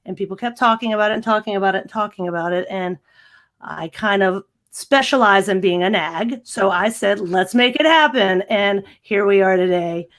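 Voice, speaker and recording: A woman's voice: mid-range voice, normal speed. Chatty woman. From American South. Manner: chatty and animated, laughs often, many fillers. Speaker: podcast guest. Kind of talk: casual podcast interview.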